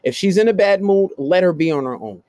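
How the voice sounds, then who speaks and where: A man's voice: animated, a little fast, darkish tone, no room sound. A young man hosting a podcast, improvising a profane, casual story about dating. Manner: profane, storytelling, mimics voices in high pitch. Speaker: podcast host.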